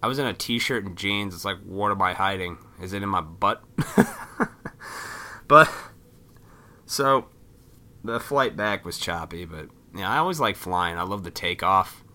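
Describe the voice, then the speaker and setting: A man with a low voice that still sounds bright and forceful tells a long, rambling story in a casual way. His talk is loose, full of swearing, and he keeps jumping into other people's lines with lively quoted voices. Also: normal speed. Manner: profane, rambling, animated retelling.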